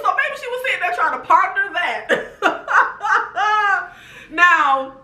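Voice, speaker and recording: A woman giving a casual TV show recap, laughing often and talking straight to her viewers. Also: very high voice. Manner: animated, laughs often, talks to viewers as "baby" and "y'all". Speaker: TV recap vlogger. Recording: echoey room.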